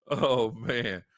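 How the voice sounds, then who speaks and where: A man hosting a casual sports livestream, laughing often and reading viewer comments aloud as he tells stories. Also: mid-range voice. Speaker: sports show host.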